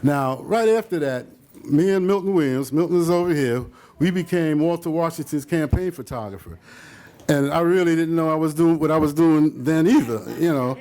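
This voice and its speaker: An older male photographer with a fairly high, mellow voice talks at a moderate pace, rambling through stories about his photos for a live audience. It's a casual slideshow talk full of fillers and asides, and he acts out quotes in other voices.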